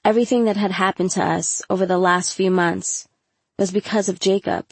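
A woman narrating a first-person audiobook in a measured storytelling voice with casual slang. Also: mid-range voice, fairly even intonation, creaky, breathy edge, no room sound.

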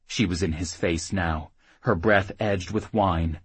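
A man reading an audiobook in an expressive, steady storytelling manner, close on the mic. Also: sits low, slow pace, slightly rough, no room sound. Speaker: audiobook narrator. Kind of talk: scripted narration.

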